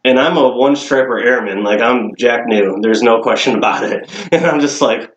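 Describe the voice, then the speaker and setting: A man's voice: medium pitch, moderate pace, muffled recording. Man, podcast co-host, casual story, laughs a lot, swears, roomy sound. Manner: laughs often, swears, animated retelling.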